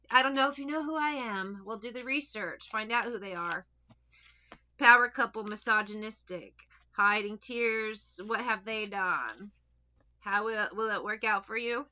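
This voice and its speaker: A woman doing a casual tarot reading in a bright, sharp voice. She talks blunt and chatty, swearing offhand while handing out direct advice. The recording is dull and lo-fi. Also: medium pitch, normal speed. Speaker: tarot reader.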